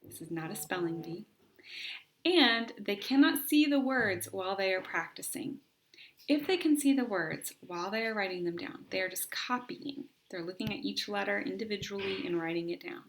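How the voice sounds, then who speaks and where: A woman explains spelling practice to parents in a calm, deliberate teaching voice set at a middle pitch. She slows right down to sound out each letter and sometimes drops into a soft whisper while modelling words. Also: a little hiss or hum. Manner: patient, deliberate, models sounds slowly and clearly. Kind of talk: instructional explanation.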